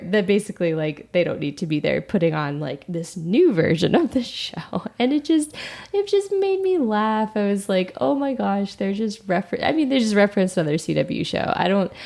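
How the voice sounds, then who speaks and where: A woman's voice: fairly low pitch, creaky. A woman co-hosting a podcast, chatting casually about a TV episode and laughing often as she talks. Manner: giggly, animated, often laughing while talking. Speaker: podcast co-host. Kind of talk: casual TV recap chat.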